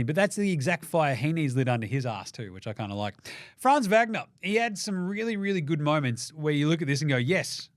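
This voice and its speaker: A young Australian man hosting a basketball show, with profane, energetic, jokey banter. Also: a little high, dry recording, clean studio sound. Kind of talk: casual sports commentary.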